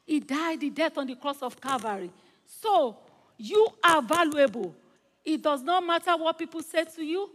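A woman's voice: sits high, in a large hall. A woman guest preacher in a large church, praying fervently and telling a story to the congregation. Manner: fervent, rising into praise, then gentle storytelling. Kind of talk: sermon with prayer and storytelling.

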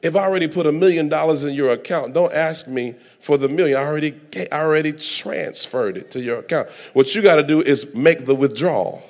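A pastor preaching a sermon with dramatic delivery, dropping to soft asides and rising to shouts. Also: male voice, on the high side, a little fast, few pauses.

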